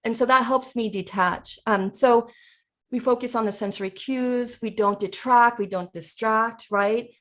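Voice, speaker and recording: A woman explaining calmly, slightly high. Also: a little slow. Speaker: educator and presenter. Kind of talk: casual presentation chat.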